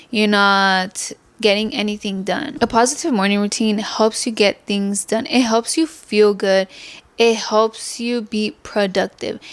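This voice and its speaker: Young female podcast host, candid and chatty, mid-pitch, loose and profane. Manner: candid, chatty, swears freely. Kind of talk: casual chat.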